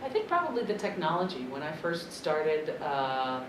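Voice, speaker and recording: A woman who works as a voice actor and dub director, answering press questions in a chatty, expressive way, thinking aloud. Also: deep voice, moderate pace. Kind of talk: press interview answers at a convention. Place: convention press room. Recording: echoey convention room, distant mic, loud background noise.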